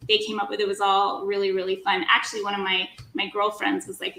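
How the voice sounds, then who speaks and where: A woman with a bright, fairly high voice chats as a guest author, laughing at herself as she tells a story. Her voice sounds roomy and echoey, with faint background noise. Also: level tone, fast, creaky. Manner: laughing, self-deprecating storyteller. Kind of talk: casual interview chat.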